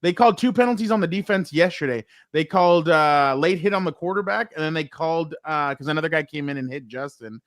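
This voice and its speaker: A man hosting a casual sports talk show, telling animated stories full of fillers and acted-out quotes. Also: a little high, quick pace, few pauses, no room sound, studio quality. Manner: animated storyteller, many likes and fillers.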